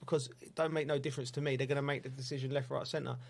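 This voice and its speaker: A man, a football commentator telling stories in a casual chat, laughing often and animated. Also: medium pitch, very fast, creaky, a crowd in the background.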